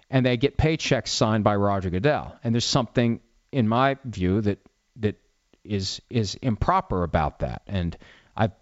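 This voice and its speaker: A man's voice: medium pitch, dry recording, dull audio. A man in his forties, a sports writer and host, talking candidly and bluntly with many restarts. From Italian-American. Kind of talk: casual talk answering listener questions.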